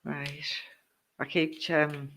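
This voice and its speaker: A woman's voice: deep voice, flat delivery, extremely slow, a bit bright, a little hiss or hum. A woman hosting a live-stream card reading, chatty and teasing her viewers, with many ums. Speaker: psychic card reader.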